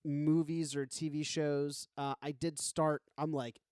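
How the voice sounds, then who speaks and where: A man co-hosting a podcast in casual chat, animated and ranting, with the odd mock voice. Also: on the high side, a little slow, clear, resonant tone, no echo, studio quality. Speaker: podcast co-host.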